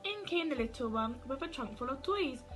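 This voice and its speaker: Bright high-voiced woman reading a bedtime story. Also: animated, fairly quick, faint music behind, poor audio. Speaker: nursery storyteller.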